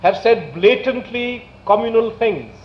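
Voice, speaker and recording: A man with an Indian English accent speaks at a public talk in a fairly high voice, building his points through pointed rhetorical questions. The sound is dull and lo-fi. It echoes around a large hall. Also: animated. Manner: indignant, rhetorical questions, measured emphasis. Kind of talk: public lecture. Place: lecture hall.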